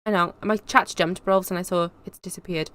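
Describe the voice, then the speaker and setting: A woman's voice: lowish voice, steady tone, fast, fairly bright tone. A young woman hosting a casual live stream, reading out chat comments and rambling cheerfully with lots of fillers. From England. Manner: chatty, bubbly, rambling with fillers. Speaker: YouTube host.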